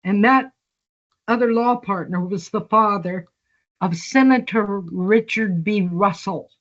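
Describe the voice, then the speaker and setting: A medium-pitched older woman slowly tells long stories during a long-form conversational interview, acting out quoted dialogue along the way. The audio has its highs cut off.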